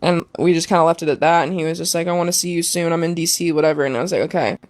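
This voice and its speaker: A woman's voice: fairly low pitch, fairly even intonation, racing, darkish tone, no room sound. A young woman talking as a guest, telling an emotional personal story casually with many fillers.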